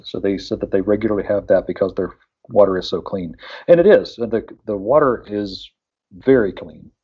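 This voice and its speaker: A man's voice: lowish voice, moderate pace, dark tone, breathy edge, highs cut off. A man from West Virginia chatting casually on a radio show, rambling with lots of fillers and restarts.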